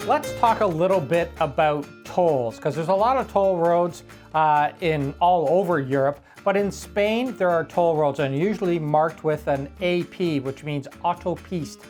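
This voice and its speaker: A man co-hosts a casual travel vlog, walking through practical driving advice. He talks in a relaxed, slightly rambling way, and soft music runs faintly behind him. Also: fairly high pitch, unhurried. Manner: relaxed, explanatory, a bit rambling. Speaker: travel vlogger co-host. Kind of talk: casual travel tips chat.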